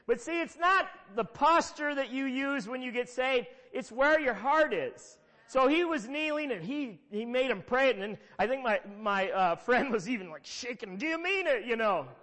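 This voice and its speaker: A man's voice: very high-pitched, animated, normal speed, pushed and bright. A middle-aged man preaching a sermon, telling stories conversationally with emphatic repetitions. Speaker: pastor. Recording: long hall reverb.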